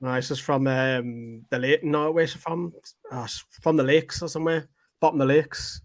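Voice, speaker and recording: A man co-hosting a live football fan watchalong, chatty and quick to jump in on the conversation. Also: medium pitch, steady tone. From Northeast England. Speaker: fan channel co-host. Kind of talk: live match watchalong chat.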